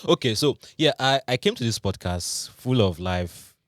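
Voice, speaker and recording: A man's voice: medium pitch, animated, moderate pace, no echo. A young Nigerian man with a Nigerian accent, hosting a casual studio podcast and joking and laughing with his co-hosts. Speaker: podcast host. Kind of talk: casual chat.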